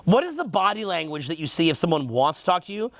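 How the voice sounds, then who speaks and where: A man's voice: high-pitched, very animated, quick pace, vocal fry. A man with a Canadian accent teaching a seminar, quizzing the audience and repeating their answers back. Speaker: dating coach.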